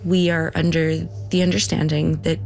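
A woman's voice: deep voice, little pitch movement, normal speed, creaky, darkish tone, soft background music. A woman recalling events in an interview, earnest, often quoting what she and others said. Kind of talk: personal recollection in interview.

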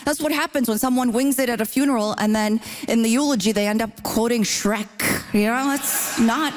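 A woman's voice: fairly high pitch, normal speed. A woman from Ontario arguing her side in a comedy debate, dry and argumentative. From Ontario, Canada. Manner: dry, argumentative, frequent "you know?". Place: stage before a live audience. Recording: live stage with audience noise.

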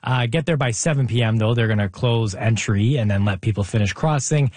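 A man's voice: medium pitch, a little fast, darkish tone, dry recording. A man hosting a radio show, chatting casually and giving listener tips with frequent "uh" fillers. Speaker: radio host.

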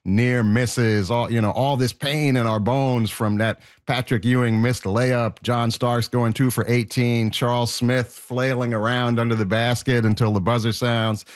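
A man's voice: medium pitch, steady tone, a little slow, hardly any pauses, no room sound, studio quality. A choked-up New man in his fifties. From New York. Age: 50s. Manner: reflective, heartfelt. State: choked up, emotional. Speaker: guest. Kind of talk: casual interview talk.

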